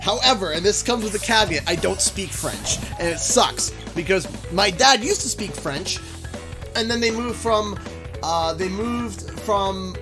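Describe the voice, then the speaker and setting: Canadian guy streaming a racing game, high voice bouncing all over, music playing underneath. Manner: animated, joking, chatting to viewers. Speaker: gaming streamer. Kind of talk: casual chat while playing a racing game. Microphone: headset.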